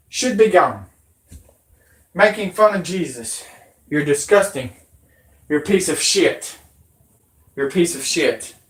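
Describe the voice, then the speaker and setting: Furious ranting woman, roomy echo. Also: fairly low pitch. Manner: aggressive, profane, threatening. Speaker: channel host. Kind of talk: angry rant.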